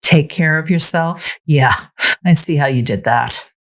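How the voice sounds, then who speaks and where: A woman voicing a bitter, sharp-tongued ex-wife who snaps and growls her lines in a story read aloud. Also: low voice, measured pace. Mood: bitter, snappish. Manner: snapping, growling.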